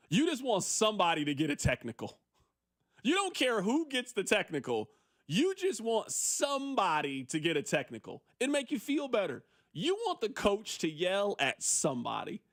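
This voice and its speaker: A sports radio host, a man, talks fast and animated as he riffs on listener texts. His voice sits high for a man. The studio sound is close and dry. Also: no room sound.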